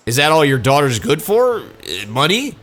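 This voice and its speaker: A man's voice: on the high side, very animated, normal speed, fairly bright tone, faint music behind. A man casually commenting on a video game as he plays, sarcastic and joking. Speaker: let's play host.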